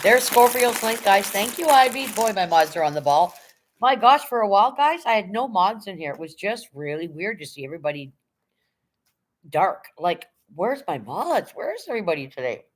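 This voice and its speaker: A woman's voice: mid-range voice, expressive, moderate pace, slight background noise. A middle-aged woman hosting a casual livestream from home, reading viewer comments aloud and thanking them in a chatty way. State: emotional, near tears when talking about her late dog. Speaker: livestream host reading chat.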